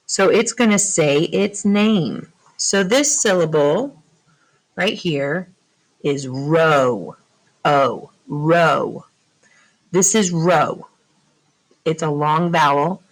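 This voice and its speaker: A woman's voice: on the low side, low-quality recording. A woman teaching a phonics lesson to young students, patiently asking questions and answering them herself. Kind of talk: slow classroom phonics lesson.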